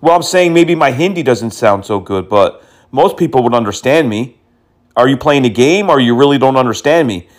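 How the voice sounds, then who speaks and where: With a medium-pitched, expressive voice at a moderate pace, a scam-baiting prank caller taunts phone scammers, teasing them and slipping in Hindi words and insults.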